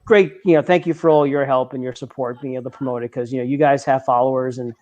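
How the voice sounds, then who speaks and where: A man's voice: medium pitch, steady tone, fast, darkish tone, muffled recording. A man in his forties who talks in a chatty, rambling way with many fillers and restarts, speaking as a guest over a remote call on a live stream. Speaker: event organizer guest. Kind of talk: casual chat on a live stream.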